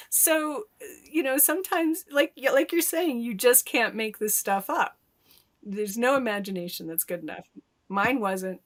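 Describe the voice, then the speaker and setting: A woman from Michigan, a guest on an interview podcast, telling stories in an animated way, laughing often and acting out what people said. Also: a little high, unhurried. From Michigan, USA. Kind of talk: casual interview storytelling.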